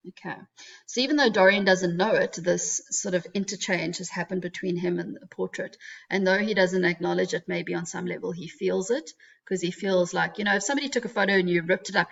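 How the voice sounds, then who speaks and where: A woman's voice: on the low side, steady tone, moderate pace, vocal fry, a bit bright. A woman teaching a literature lesson, explaining casually with fillers and asides. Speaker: English teacher. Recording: dull lo-fi recording.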